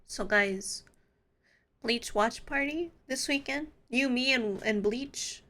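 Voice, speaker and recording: A woman's voice: fairly high pitch, takes it slowly, fairly bright tone. A woman live-streaming in casual chat, playful and giggly, swearing freely.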